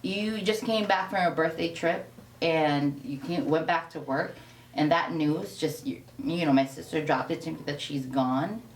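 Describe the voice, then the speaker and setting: A woman's voice: sits low, measured pace, distant mic. A woman tells a personal story, slipping into the voices of the people in it. She sits some way off the mic in a room a roomy echo. A faint hiss runs underneath. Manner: animated, acts out quoted dialogue. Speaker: guest. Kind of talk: candid conversational storytelling.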